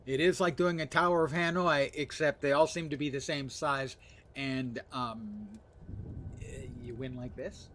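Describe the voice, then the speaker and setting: A man's voice: mid-range voice, fairly even intonation, unhurried. A man streaming a puzzle game live, reading its text aloud, muttering to himself and making dry jokes to his chat. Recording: audible background noise.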